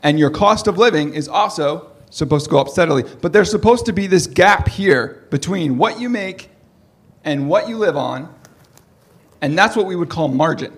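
High, husky man preaching casually. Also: animated, normal speed. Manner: joking, conversational, asks the audience questions. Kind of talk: sermon.

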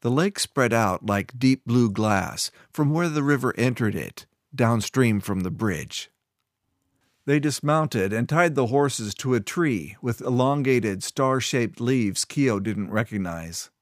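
Guy narrating a fantasy story, even measured read, middle pitch, dry close mic. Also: no room sound. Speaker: audiobook narrator. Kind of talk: scripted narration.

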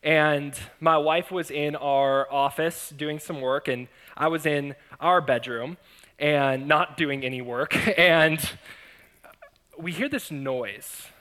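Taking it slowly in a slightly high voice, this pastor tells his congregation a funny personal story as a sermon. He laughs frequently, pokes fun at himself, and animatedly acts out the voices of the people involved.

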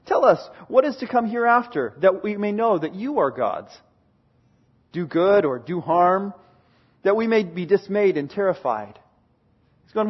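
Husky-voiced male preacher, dramatic sermon. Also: sing-song, measured pace, dull audio. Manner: reads scripture aloud with dramatic swings from booming to hushed.

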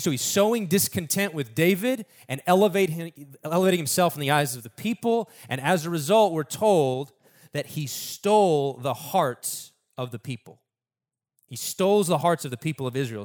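A man preaching a sermon in a casual, conversational storytelling way, acting out the people in the story. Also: fairly high pitch.

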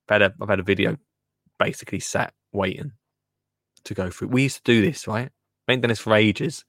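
A man's voice: lowish voice, fairly quick, long pauses, no echo, studio quality. A man hosting a podcast, chatting casually and rambling with lots of slang. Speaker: podcast host. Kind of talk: casual chat.

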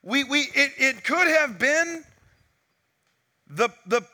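A man's voice: very high-pitched, slow. A man preaching a sermon, telling a story with lots of acted-out dialogue, on a wireless mic. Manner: animated storytelling, acts out dialogue. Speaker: pastor.

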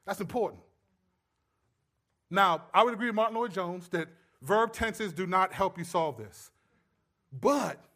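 A man's voice: high voice, normal speed, pauses often, a bit bright. A man preaching a sermon in a conversational way, checking in with listeners. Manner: conversational, checks in with the audience often. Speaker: pastor.

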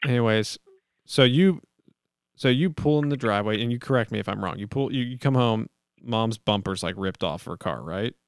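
A man's voice: on the low side, normal speed, gravelly, clear, resonant tone, no room sound, studio quality. A man in his thirties chatting casually as podcast co-host, acting out quotes as he tells a story. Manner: animated storyteller who acts out quotes. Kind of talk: casual chat.

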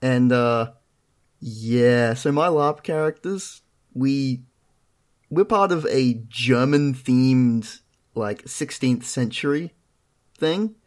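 A man's voice: medium pitch, lively intonation, takes it slowly, darkish tone. A young man telling stories in a casual chat, dry and self-mocking. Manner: dry, self-deprecating storytelling. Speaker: podcast co-host.

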